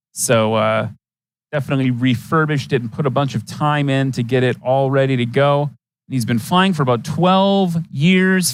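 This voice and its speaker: A man's voice: medium pitch, clean tone, dry recording. A man from Wisconsin giving chatty, enthusiastic live commentary at an aviation competition, with folksy asides. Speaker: event commentator.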